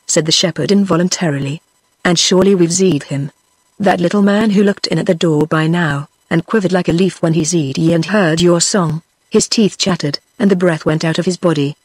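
A synthetic woman's voice with a British accent, reading a story aloud in a steady, machine-like way and sometimes speaking punctuation marks. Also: lowish voice, husky, dry recording. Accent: British English. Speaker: audiobook narrator. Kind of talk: text-to-speech book reading.

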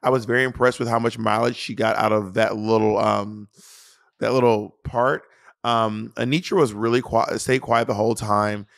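A man's voice: on the low side, steady tone, vocal fry, no room sound, clean studio sound. A man co-hosting a casual review podcast over a video call, teasing and restarting his sentences often. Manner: playful, teasing, halting with many restarts. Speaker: podcast co-host.

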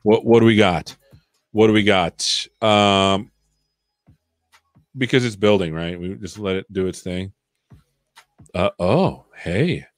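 A man's voice: fairly low pitch, takes it slowly, pauses often, dry recording, soft background music. Chatty man live-coding, dry close sound. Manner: chatty, jokey, thinking aloud while typing. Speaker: host of a live coding stream. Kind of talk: casual live-coding chat.

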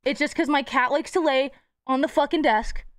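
A young woman streaming live, chatting casually with her chat, playful and profane. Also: sits high. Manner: playful, swearing, quick jumps between topics.

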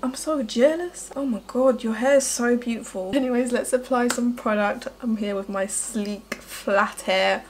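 A woman's voice: on the high side, a little slow, hardly any pauses. A young woman chatting through a makeup tutorial as a beauty vlogger, gushing and emotional. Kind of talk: casual makeup tutorial chat.

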